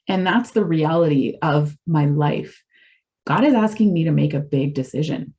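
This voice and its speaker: Earnest, lower-voiced middle-aged woman. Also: normal speed, a little mellow. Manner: earnest, confessional, rambling. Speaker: recovery community speaker. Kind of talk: candid personal testimony.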